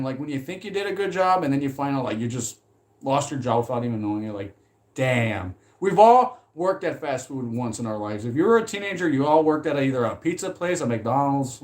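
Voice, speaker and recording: Rambling, animated man chatting casually. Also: mid-range voice, normal speed. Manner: rambling and animated, swears freely, laughs often. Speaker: movie commentary vlogger. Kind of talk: casual chat.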